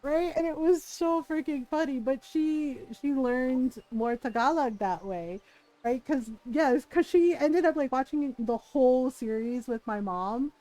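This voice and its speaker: A woman's voice: sits high, a little slow, dark tone, poor audio. A woman livestreamer chatting casually while gaming, rambling through stories with many fillers and frequent laughter.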